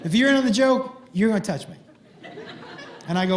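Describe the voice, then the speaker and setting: A middle-aged man doing stand-up, telling crude stories in a playful, animated way with sudden loud outbursts. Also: high voice, fast. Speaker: stand-up comedian. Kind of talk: stand-up storytelling. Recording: roomy echo with faint noise.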